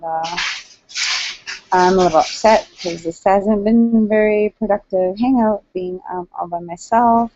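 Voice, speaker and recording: A woman's voice: on the low side, dark tone, dry recording. Chatty woman, dull lo-fi webcam audio. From Canada. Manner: rambling and chatty, with many fillers. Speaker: online hangout host. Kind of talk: casual solo video chat.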